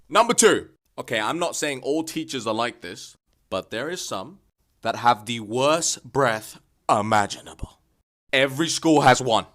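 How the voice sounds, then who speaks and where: Profane young man ranting loudly. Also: medium pitch. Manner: profane, exasperated ranting with sudden shouts. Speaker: vlogger. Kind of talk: comedic rant vlog.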